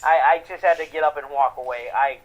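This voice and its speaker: A man's voice: fairly high pitch, fairly even intonation, quick pace, lo-fi sound. A young man co-hosting a podcast. He tells a story in a casual, rambling way, repeats words and restarts his sentences. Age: young adult. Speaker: podcast co-host. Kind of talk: casual chat, telling a story.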